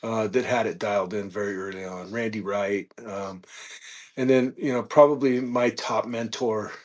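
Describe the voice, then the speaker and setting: A man guest on a podcast, telling a casual story with animated peaks and frequent fillers. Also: on the low side, normal speed. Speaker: podcast guest, reptile keeper.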